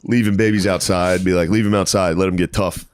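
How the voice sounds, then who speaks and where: Deep-voiced deadpan man on a podcast. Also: brisk, clear, resonant tone. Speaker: podcast co-host. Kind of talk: casual comedic chat.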